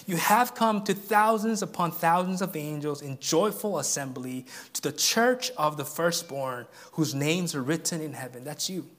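A male pastor preaching a sermon in an earnest way, dropping to a hush and then rising to emphatic peaks. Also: a little high, moderate pace, hardly any pauses. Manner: earnest, swings from hushed to emphatic.

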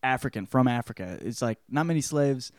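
A man's voice: medium pitch, expressive, brisk, darkish tone, dry recording, clean studio sound. A man hosting a podcast, giving a casual spoken book report in a rambling, joking way with lots of swearing. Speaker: podcast host.

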